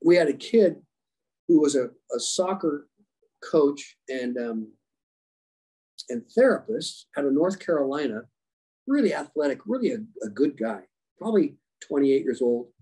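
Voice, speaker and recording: A man with a husky, slightly raised voice tells stories as a podcast guest. His tone is mellow and warm rather than bright. He is animated and slips into the voices of the people he quotes. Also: fairly high pitch, measured pace, pauses often, rough recording. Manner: animated, acts out quoted dialogue. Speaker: guest, leadership coach and former special operations rescuer. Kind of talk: storytelling interview answers. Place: podcast conversation.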